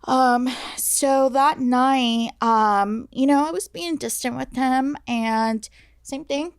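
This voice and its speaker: Gravelly woman telling her story haltingly. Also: high voice, no room sound, studio quality. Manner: halting, many fillers and restarts. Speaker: guest sharing her story. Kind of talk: candid personal storytelling. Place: podcast studio.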